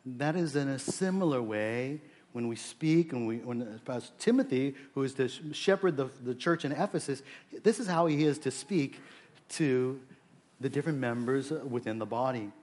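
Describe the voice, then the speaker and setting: Male pastor, 40s, earnest sermon delivery, halting with frequent restarts. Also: medium pitch, a little mellow. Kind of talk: prayer and sermon.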